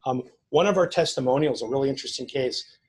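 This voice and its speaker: A man's voice: medium pitch, fast, darkish tone, rough recording. A man speaking to a conference audience, coaching agents in a conversational way with anecdotes and frequent restarts. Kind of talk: live seminar talk with anecdotes. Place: conference room before an audience.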